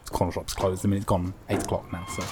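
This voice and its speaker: Man, game master, low voice, halting narration, noisy recording. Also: wildly swooping pitch. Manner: hesitant, filler-heavy narration. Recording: noisy background.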